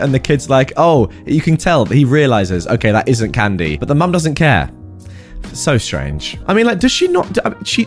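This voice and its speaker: Chatty man reading stories aloud. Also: fairly high pitch. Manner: chatty, incredulous. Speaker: story narrator.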